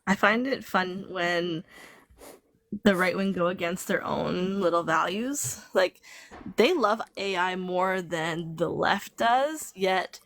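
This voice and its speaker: A woman's voice: fairly low pitch, slow pace, a bit bright, dry recording. A woman co-hosting a casual livestream chat, teasing and sarcastic, talking on a phone. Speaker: livestream co-host.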